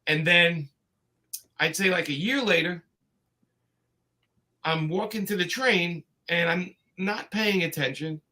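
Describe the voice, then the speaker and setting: A man tells his stories in a loose, meandering way, stopping and restarting with plenty of fillers. His voice sits a bit high and comes across bright and forceful. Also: slow pace, pauses often. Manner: rambling anecdotes with many fillers and restarts. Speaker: comics creator telling stories. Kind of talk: casual storytelling chat.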